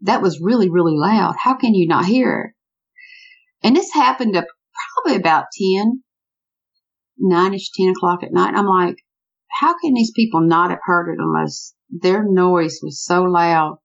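With a gravelly, fairly low voice and an unhurried pace, a woman tells a true story about a strange encounter. She's lively and conversational, often repeating "I said" as she acts out what people told each other, though the recording sounds muffled.

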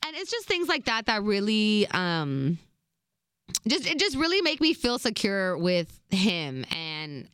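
A woman's voice: mid-range voice, big pitch swings, slow, a bit bright, clean tone, dry recording, clean studio sound. A young woman in a casual storytime vlog, retelling events in a chatty, slangy way full of asides. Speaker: vlogger.

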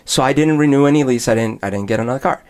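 A man's voice: medium pitch, very fast. Man, conversational storyteller who slips into other people's voices mid-anecdote. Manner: animated storyteller, acts out both sides of dialogue. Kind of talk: casual chat.

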